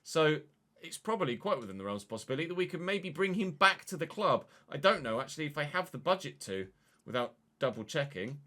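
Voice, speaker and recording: A man giving casual, jokey let's-play commentary on his own football video game match, chatty and quick to get excited. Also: a little high. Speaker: gaming YouTuber.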